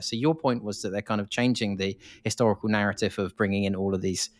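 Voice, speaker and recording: An English man hosting a podcast in casual discussion. His voice sits fairly low but jumps up in pitch when he asks questions. He talks in an animated way, with frequent fillers. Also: fast talker, hardly any pauses. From England. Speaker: podcast host.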